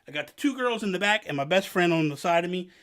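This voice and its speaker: A man's voice: high-pitched, quick pace. A young man from New Jersey telling a self-mocking story to camera, acting out what others said. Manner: animated, self-mocking, acts out quotes. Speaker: vlogger.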